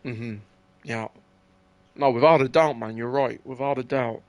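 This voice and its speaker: A man's voice: mid-range voice, fairly even intonation, unhurried, no echo. A young man hosting a casual chat, rambling and swearing, with lots of fillers and restarts.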